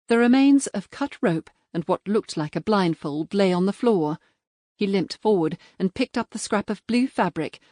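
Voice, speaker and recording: Woman, audiobook narrator, measured reading, lower voice, dry sound. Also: darkish tone, no room sound. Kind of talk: scripted narration.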